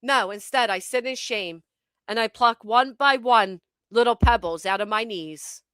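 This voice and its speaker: A woman hosting her channel, telling a comic story to her live chat with animated, profane delivery and dramatic pauses. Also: fairly high pitch, clear, resonant tone, dry recording, clean studio sound. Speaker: channel host.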